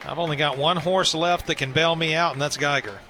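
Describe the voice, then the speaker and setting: Wry color commentator, bright voice. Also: male voice, fairly high pitch, fairly even intonation, brisk, a faint crowd, a little hiss or hum. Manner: wry, joking about his losing pick.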